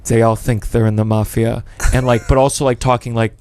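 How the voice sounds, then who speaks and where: A male comedy podcast host teases his guest with quick, joking questions. His voice sits at a middle pitch and sounds clear and resonant. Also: flat delivery, a little mellow. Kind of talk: casual chat.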